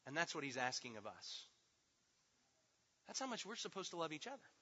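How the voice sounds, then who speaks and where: Male preacher, emphatic teaching style, animated high voice; dull recording with long hall reverb. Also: fairly quick, slightly rough. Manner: emphatic, swinging between loud stresses and hushed asides. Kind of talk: teaching sermon.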